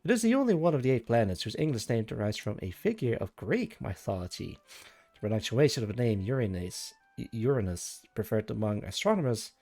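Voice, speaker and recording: A man's voice: mid-range voice, big pitch swings, fairly quick, warm tone, no room sound, faint music behind. A man streaming live, chatting casually and thinking aloud as he rambles through tangents with his viewers.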